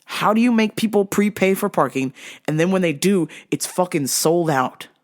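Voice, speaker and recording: An expressive woman with a lowish voice hosts a talk show at a moderate pace. Her stories come as a profane, emphatic comic rant full of laughter, punctuated again and again by "okay?".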